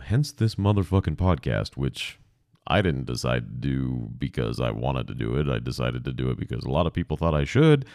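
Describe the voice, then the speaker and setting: A man's voice: very deep voice, gravelly, a little mellow, no room sound, clean studio sound. A young man hosting a podcast, rambling casually and self-deprecatingly with lots of swearing. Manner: profane, self-deprecating, digressive. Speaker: podcast host. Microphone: podcast microphone.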